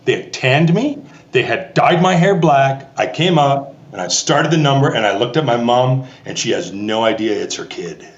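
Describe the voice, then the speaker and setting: A man's voice: mid-range voice, moderate pace, lo-fi sound. Roomy-sounding Canadian man telling a story. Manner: animated storyteller acting out quoted voices. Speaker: guest, theatre festival artistic director. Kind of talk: storytelling in a podcast interview.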